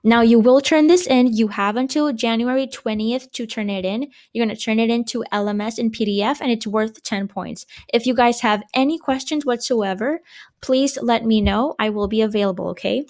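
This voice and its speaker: A woman teacher records a grammar lesson for her young students. Her voice sits a little high, and she explains each point patiently, posing questions and answering them herself. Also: moderate pace, darkish tone.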